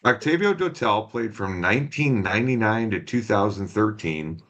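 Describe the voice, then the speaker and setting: A man chats loosely on a podcast, cursing constantly and acting out every quote. His pitch swings widely and his tone is bright and forceful. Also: moderate pace, dull audio. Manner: profane, animated storyteller, acts out quotes. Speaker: podcast co-host. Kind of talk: casual chat, storytelling.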